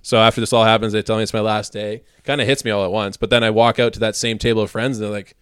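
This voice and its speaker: A man's voice: on the low side, little pitch movement, fast, a bit bright, clean tone, no echo, studio quality. Laid-back young man telling a story. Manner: laid-back, laughing often, swearing. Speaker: podcast co-host. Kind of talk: casual storytelling chat.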